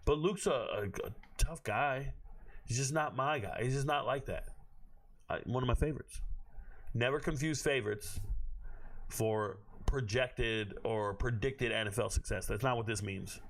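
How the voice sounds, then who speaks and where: A man hosting a live stream from his home on his own microphone, talking bluntly with plenty of swearing and sudden bursts of shouting. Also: mid-range voice, a little slow. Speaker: host of a draft watch party stream. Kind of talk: casual live-stream commentary.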